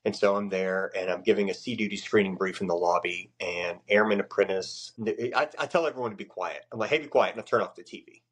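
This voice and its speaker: Low-voiced, blunt, profane military man. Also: fast talker, few pauses, fairly bright tone. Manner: blunt, profane, acts out quoted people in a much higher voice. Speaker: Navy chief, podcast guest. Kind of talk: casual storytelling.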